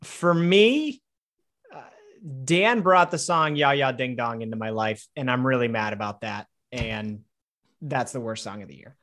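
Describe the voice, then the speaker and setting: Brief: podcast co-host, mid pitch, easygoing and wry. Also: animated, unhurried, fairly bright tone. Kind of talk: casual chat.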